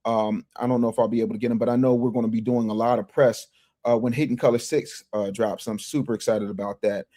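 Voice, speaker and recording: A man hosting a casual livestream, reading viewer chats and commenting in an animated, emphatic way that repeats phrases and restarts often. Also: mid-range voice, fast. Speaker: livestream news commentary host.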